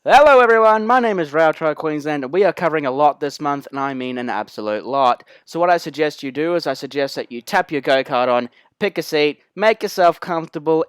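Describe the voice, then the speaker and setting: A man's voice: medium pitch, smooth, no echo. A man with an Australian accent hosts a rail enthusiast vlog, narrating with energy and repeating key phrases for emphasis. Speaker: rail enthusiast channel host.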